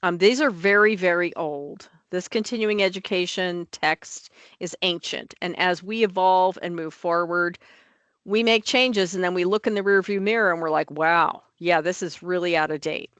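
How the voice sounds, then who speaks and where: A woman's voice: on the low side, normal speed, fairly bright tone, dry recording. A woman on licensing office staff, talking through rule changes at a board meeting in an emphatic, plain-spoken way.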